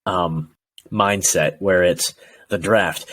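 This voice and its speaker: A man's voice: sits low, moderate pace, slight background noise. A man co-hosting a sports podcast, chatting casually and animatedly about football, often acting out fans' rants. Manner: animated, acts out fans' rants in quoted voices. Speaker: podcast co-host.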